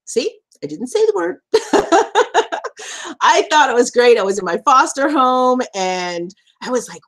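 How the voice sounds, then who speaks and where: A woman hosting a live stream, telling a personal story with lots of laughter and animated acted-out quotes, then slowing down and softening for serious points. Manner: animated, laughs often, acts out quotes with big pitch jumps. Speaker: survivor advocate and live stream host.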